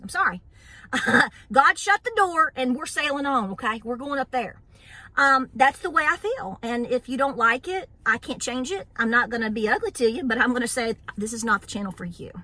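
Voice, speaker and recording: Sassy lady venting on her channel, kinda high voice, laughs a lot. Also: animated, normal speed, bright, forceful tone, no echo. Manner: blunt and sassy, laughs often. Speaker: homestead channel host. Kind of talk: opinionated casual vlog rant.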